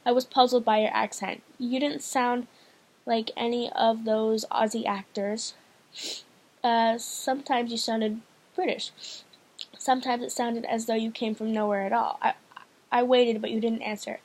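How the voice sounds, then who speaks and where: A woman's voice: a little high, level tone, measured pace, a little mellow. Hesitant woman reading a novel aloud. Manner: hesitant, frequent restarts and fillers. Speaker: audiobook reader, channel host. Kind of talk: casual first-person novel reading.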